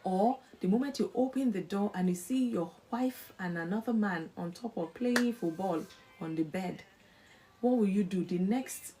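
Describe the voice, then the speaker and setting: A woman hosts a live faith talk in the middle of her vocal register. She tells stories with lively drama, acts out what each person says, and drops into a preacher's cadence to quote scripture. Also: medium pitch. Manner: animated storyteller who acts out imagined dialogue. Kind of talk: live-stream devotional talk on marriage.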